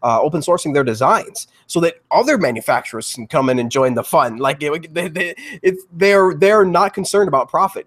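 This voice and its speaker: A man's voice: fairly high pitch, animated, normal speed, hardly any pauses, a bit bright. A man talking eagerly on a live panel show, with frequent restarts and repeated words. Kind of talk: casual crypto panel talk.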